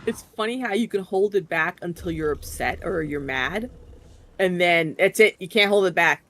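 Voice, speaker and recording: A woman's voice: fairly low pitch, moderate pace, fairly bright tone. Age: unknown. Sex: woman. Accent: New Jersey. Style: chatty group leader on voice chat. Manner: chatty, explains with many fillers. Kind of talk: casual voice chat during a game stream.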